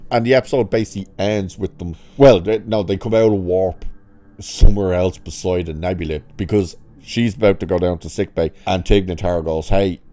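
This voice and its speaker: A man giving a sarcastic, exasperated review of a TV episode, swearing freely and swinging his pitch up sharply when he mocks it. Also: warm tone. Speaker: show reviewer.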